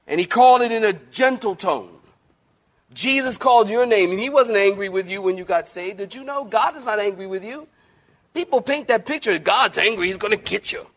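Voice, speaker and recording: A male pastor preaching a sermon in a church, animated, swinging between loud emphasis and soft, gentle lines and joking with his congregation. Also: high-pitched, moderate pace.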